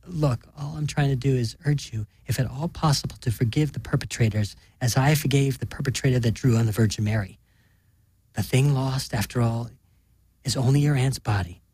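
A man plays an earnest middle-aged priest in a storybook, soothing and wandering in his talk. His husky voice is dry and close. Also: mid-range voice, fairly quick, dry recording, lightly acted, rough recording. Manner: soft-spoken, soothing, rambling. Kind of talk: audiobook reading.

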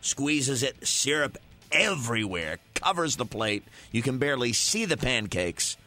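A man co-hosting a live radio program, with a very lively pitch. He speaks in a dry, mock-formal way and tells quick anecdotes to his co-host. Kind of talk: live call-in radio talk.

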